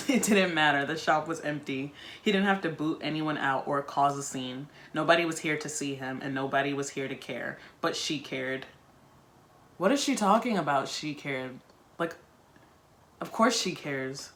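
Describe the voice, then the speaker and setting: A woman reads a novel aloud in a bright, clear voice, breaking off for casual, wry comments. Her talk stays loose and conversational, mixing reading with chat. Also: sits low, normal speed, slight background noise. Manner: chatty, wry asides between read passages. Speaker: book-reading video host.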